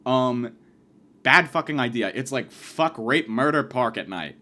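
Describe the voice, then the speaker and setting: A man's voice: mid-range voice, animated, measured pace. Profane rambling man telling a story. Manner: rambling, profane, self-mocking, acts out shouted quotes. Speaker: podcast host. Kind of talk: casual comedic storytelling monologue.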